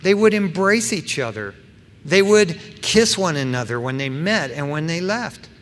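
A man's voice: on the high side, expressive, measured pace. Emphatic middle-aged man preaching in a hall. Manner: emphatic, swings between loud stresses and soft asides; casual fillers like "you know" and "man". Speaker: pastor. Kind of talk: sermon. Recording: long hall reverb with faint background noise.

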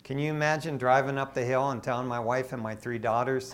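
A man's voice: mid-range voice, fairly quick, hardly any pauses. Man preaching a conversational sermon. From Michigan. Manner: conversational, animated storytelling with asides. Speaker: associate pastor.

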